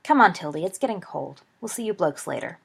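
A woman reading the lines of a confident teenage girl, brisk and matter-of-fact, in a storybook. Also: on the low side, lively intonation, gravelly, husky, full character voice. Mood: dismissive.

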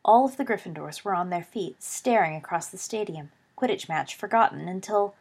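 A woman narrating a story aloud, reading with expressive swings in volume. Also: lowish voice, a little fast, few pauses, breathy edge. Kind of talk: audiobook reading of fan fiction.

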